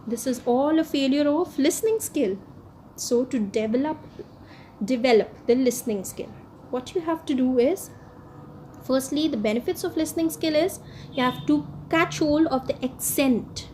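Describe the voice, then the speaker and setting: A woman delivers an online lesson in a clearly high voice. She talks emphatically, often opening with "yes" and posing questions she then answers herself. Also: moderate pace, a little mellow, slight background noise, rough recording. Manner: emphatic, keeps starting lines with "yes", asks and answers her own questions. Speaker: English teacher.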